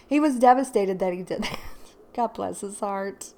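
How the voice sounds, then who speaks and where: A woman's voice: medium pitch, normal speed, mellow. A woman hosting her own channel, casually telling a rambling personal story to viewers, full of "like" and "you know". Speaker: tarot reader and channel host.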